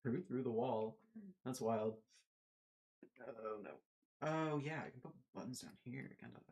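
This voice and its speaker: A man's voice: medium pitch, unhurried, vocal fry, pauses often, darkish tone, slightly rough, muffled recording. A man giving casual, rambling commentary while playing a building game, talking to himself and slipping into silly put-on voices.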